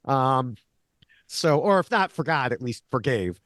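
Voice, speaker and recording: A man co-hosting a podcast, recapping a reality show in a casual, animated way and laughing often. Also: mid-range voice, measured pace, dry recording, clean studio sound. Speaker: podcast co-host, Survivor expert.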